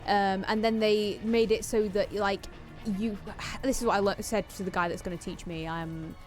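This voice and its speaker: A woman's voice: mid-range voice, steady tone, moderate pace, darkish tone, faint music behind. A young woman with a light Yorkshire accent, chatting casually and laughing often as co-host while a game plays. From Yorkshire, England. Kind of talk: casual chat over gameplay.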